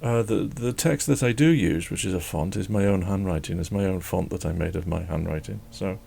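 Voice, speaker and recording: A man's voice: sits low, a little fast, gravelly, dark tone, husky. A man chatting casually as he draws, rambling and joking and talking to his dog. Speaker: drawing channel host. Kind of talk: casual chat while drawing.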